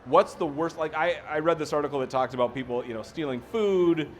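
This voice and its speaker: A man's voice: on the high side, brisk, a little hiss or hum. A man co-hosting a casual podcast, eagerly asking questions and hyping up his partner. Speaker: co-host.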